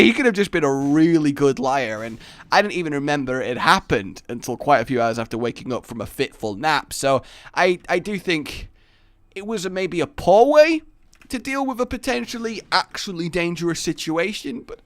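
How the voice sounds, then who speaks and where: A young man tells a rambling, funny anecdote over gameplay, his slightly high voice swinging up and down as he mimics his half-asleep self. He laughs through the story, close to a dry mic. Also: normal speed, no room sound. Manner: animated storyteller, acts out his sleepy self, laughs often. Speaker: gaming commentator.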